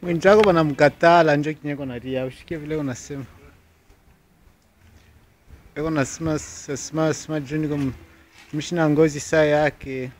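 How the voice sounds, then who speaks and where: A man's voice: fairly high pitch, steady tone, quick pace, a little hiss or hum. A man chatting over drinks, switching between Swahili, French and English and calling out. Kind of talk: casual chat over drinks.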